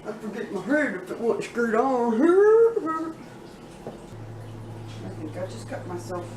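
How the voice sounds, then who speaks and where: A woman's voice: a little high, big pitch swings, takes it slowly, background noise. A woman chatting casually in a home kitchen cooking vlog, giggling and talking to her pets as she bakes. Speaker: cooking vlogger. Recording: echoey room, somewhat far from mic.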